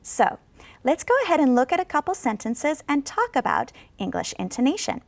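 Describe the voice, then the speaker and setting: Woman ESL professor, slightly high and gravelly, patient classroom delivery. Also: big pitch swings. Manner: slow, exaggerated model sentences for students to repeat; patient, instructive. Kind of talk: classroom video lesson. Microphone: studio microphone.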